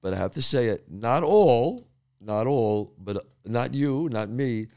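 A man's voice: mid-range voice, lively intonation, measured pace, mellow, clear, resonant tone. A man hosting a podcast interview, speaking in an enthusiastic, casual way with some swearing. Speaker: podcast host.

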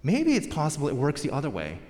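A man's voice: fairly high pitch, wildly swooping pitch, fast talker, darkish tone, voice pushed up. A man voicing an old patriarch musing and pleading with God, in a long hall reverb.

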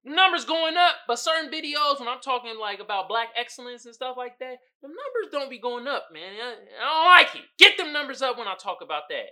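A male podcast host riffing through casual comedic commentary. His voice is bright and edgy, and his pitch leaps around constantly. He drifts between quiet muttering and loud, profane bursts, laughing as he goes. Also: a little fast, few pauses. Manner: animated, swings from mumbling to loud outbursts, swears and laughs often.

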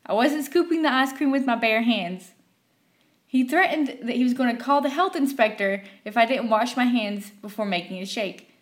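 A woman telling a story from her fast-food job in an animated way, acting out the characters. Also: on the high side. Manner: animated, acts out every character. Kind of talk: storytelling narration.

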